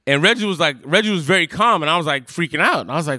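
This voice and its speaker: Animated New man telling a story. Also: a little high, quick pace, few pauses. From Brooklyn, New York. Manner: rambling, animated storyteller who acts out quoted lines. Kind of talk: live storytelling on stage. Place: live show in a ballroom.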